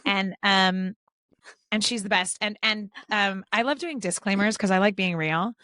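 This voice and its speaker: A woman hosting a podcast, chatting in a loose, giggly way, often restarting her sentences. Her voice sits in a middle pitch, and the sound is dry and close. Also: normal speed, bright, forceful tone, no room sound. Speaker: podcast host. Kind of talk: casual chat.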